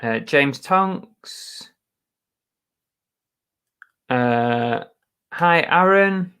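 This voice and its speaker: A man's voice: on the high side, lively intonation, drawn-out words, sharp tone, smooth. A man hosting a casual live stream chat, greeting viewers by name in a chatty, self-mocking way with mild muttered curses.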